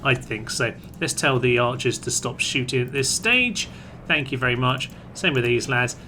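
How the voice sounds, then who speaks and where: A man's voice: medium pitch, normal speed, bright, forceful tone, a little hiss or hum. A man giving chatty let's-play commentary on a strategy game, playfully addressing his troops aloud. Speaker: gaming commentator.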